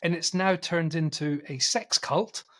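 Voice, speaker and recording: A man co-hosting a film podcast, casually retelling a film's plot in a rambling, animated way and acting out quotes. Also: fairly high pitch, measured pace. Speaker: podcast co-host.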